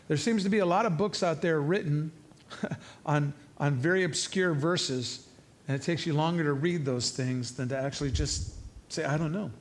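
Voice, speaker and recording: A middle-aged man preaching a sermon in a conversational, jokey and emphatic way. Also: on the high side. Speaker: pastor.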